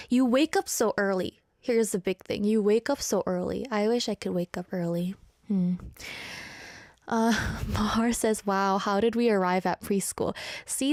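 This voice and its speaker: A woman's voice: fairly high pitch, darkish tone, no echo, clean studio sound. A young woman hosting a radio show, chatting casually and ranting playfully while reading listener messages. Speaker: radio host. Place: radio studio. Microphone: studio microphone.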